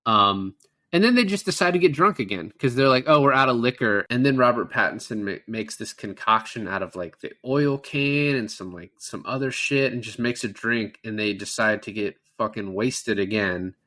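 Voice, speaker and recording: A man's voice: fairly low pitch, expressive, normal speed, bright, forceful tone. A man co-hosting a film podcast, retelling scenes in a loose, profane, chatty way. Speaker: podcast co-host. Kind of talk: casual film-review chat.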